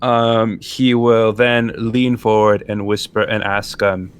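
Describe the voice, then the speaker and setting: Guy playing d&d, formal polite way of talking, lots of ums, lowish voice. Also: flat delivery, slow pace, smooth. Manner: polite, formal phrasing with hesitant fillers. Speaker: tabletop game player. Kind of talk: in-character role-play chat.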